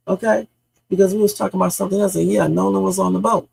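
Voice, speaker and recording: A woman's voice: medium pitch, fairly even intonation, quick pace, creaky, slightly rough. A woman hosting a live reaction stream, talking back to her chat in a heated, questioning way and swearing freely. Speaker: livestream host.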